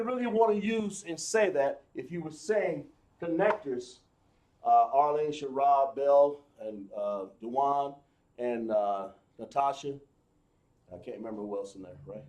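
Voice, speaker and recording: A man teaching a live class, explaining slowly, with many fillers and restarts. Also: fairly high pitch, darkish tone, roomy sound. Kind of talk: live online class lesson.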